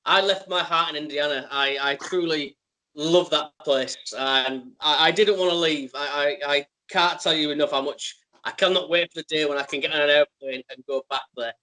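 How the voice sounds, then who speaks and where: English man, co-host, high-pitched, bright, enthusiastic, stammers. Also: steady tone, moderate pace, low-quality recording. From England. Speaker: podcast co-host. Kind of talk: casual interview chat.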